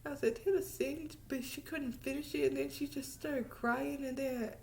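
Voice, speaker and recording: Woman vlogger, high voice, casual and animated, emphatic repeats, occasional whispers. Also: moderate pace, creaky, a little hiss or hum. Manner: drops to a whisper at times. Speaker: vlogger reviewing a TV series. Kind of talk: casual chat.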